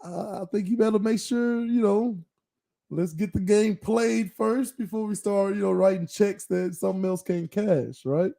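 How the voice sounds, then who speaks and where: A man hosts a relaxed sports podcast, thinking out loud and teasing his co-host. His voice is very dark and mellow, with pitch a touch high for a man. He keeps checking in with "right?". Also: moderate pace, creaky. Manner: reflective, teasing, uses filler words like "right?". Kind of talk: casual sports chat.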